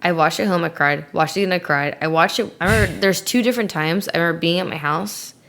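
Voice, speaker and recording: Low-voiced woman with vocal fry. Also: fast talker, a bit bright. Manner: rambling, filler-heavy, giggly. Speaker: interview guest. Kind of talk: casual chat.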